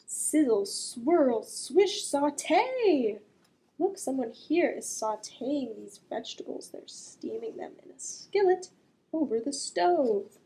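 A woman reading a picture book aloud to children as a librarian, gently asking the listener questions and drawing out the sound words. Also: high-pitched, very animated, unhurried, vocal fry, low-quality recording.

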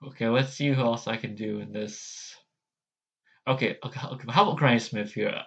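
A man's voice: medium pitch, fairly quick, gravelly, dull audio. A man hosting a casual vlog, hesitant and self-deprecating as he tries out character voices. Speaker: channel host.

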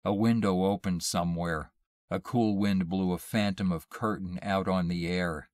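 A man slowly reading a horror short story aloud in a measured, hushed way. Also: low-pitched, steady tone, no echo. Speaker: narrator. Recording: dry close mic, audio only.

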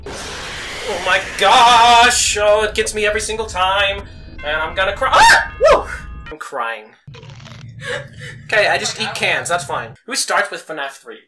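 A gaming YouTuber doing let's play commentary, excitable, yelping and laughing at jump scares and tossing out mock insults and silly jokes. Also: mid-range voice, normal speed, music in the background.

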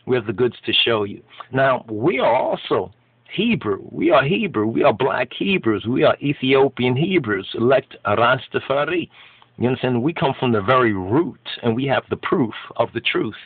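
A man's voice: mid-range voice, big pitch swings, normal speed, slightly rough, no room sound. A man giving impassioned, preachy commentary on an article, emphatic and repeating his phrases. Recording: tinny phone-like dry sound.

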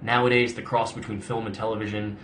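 A young adult man, an actor, hosts a casual live-stream Q&A, rambling through viewer questions with lots of "like" and restarts. His voice is fairly low and level, fast and a bit bright, with slight background noise.

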